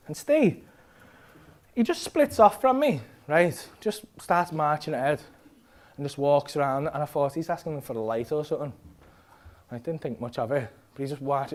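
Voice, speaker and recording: A Scouse comedian on a club stage, spinning a sweary night-out story with lots of energy. His voice sits notably high for a man, and he slips into the other people in the story as he goes. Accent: Liverpool. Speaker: stand-up comedian. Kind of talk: stand-up storytelling.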